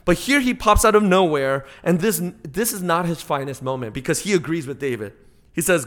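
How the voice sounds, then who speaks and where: A man's voice: fairly high pitch, animated, fairly quick. Dynamic male pastor preaching a sermon. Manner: dynamic preaching, swings between loud emphatic peaks and quiet drops.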